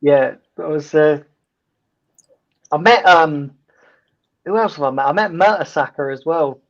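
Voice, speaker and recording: A man hosting a casual football watch-along, telling stories in a rambling, halting way with many ums and restarts. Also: fairly high pitch, dull audio. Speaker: host.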